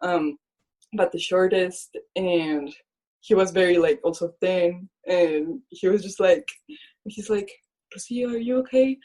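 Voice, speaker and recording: A young woman telling her own faith story as an interview guest. Her voice sits a little low for a woman, and she speaks earnestly, filling her sentences with "like" and acting out what she once thought to herself. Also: steady tone, slow, dark tone. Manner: earnest, fills speech with "like"; acts out her own past thoughts in quoted speech. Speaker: guest, illustrator. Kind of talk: personal faith testimony in conversation.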